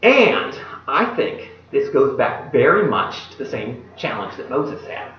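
A man preaching a sermon, retelling a Bible story in an animated way and putting questions to his listeners. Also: medium pitch, measured pace, soft background music. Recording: echoey, distant, dull room recording.

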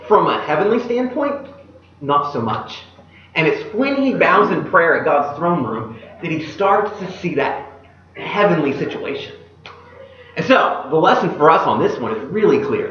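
A man preaching a sermon in an animated way, voicing the prayers he reads aloud. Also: high voice, slight background noise. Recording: echoey hall, dull lo-fi sound.

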